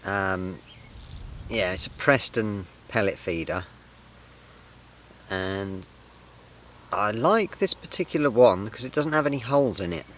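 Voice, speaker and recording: A man's voice: fairly low pitch, animated, measured pace, pauses often, fairly bright tone, slight background noise, rough recording. A man from England filming a casual fishing vlog outdoors by a lake, chatting and explaining his tackle step by step. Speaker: angler vlogger.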